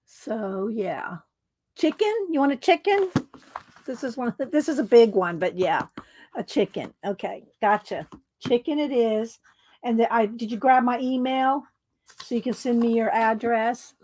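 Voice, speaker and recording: A woman hosting a casual craft livestream, chatting to viewers by name with frequent ums and throat clearing. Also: fairly high pitch, normal speed, a little mellow.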